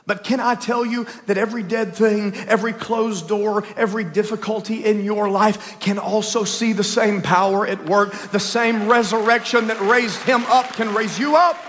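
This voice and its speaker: A man preaching a lively Easter sermon in a church, swinging between loud calls and hushed storytelling. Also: high-pitched, normal speed, few pauses. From Texas. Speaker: pastor. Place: church sanctuary, live service. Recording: long church hall reverb.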